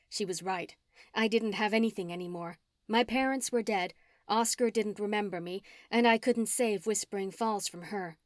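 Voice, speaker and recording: A woman narrating a first-person audiobook with an expressive, dramatic reading. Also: mid-range voice, normal speed, dry recording, studio quality.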